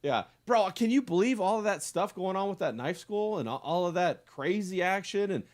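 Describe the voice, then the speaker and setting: A man's voice: high voice, animated, normal speed, a little mellow. A man hosting a podcast, chatting in a loose, crude, slang-heavy way with frequent "bro". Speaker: podcast host. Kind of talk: casual banter.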